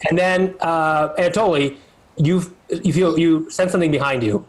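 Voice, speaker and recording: A man's voice: a little high, steady tone, moderate pace, poor audio. A man narrating a live tabletop game as dungeon master, describing scenes in a rambling way with many fillers.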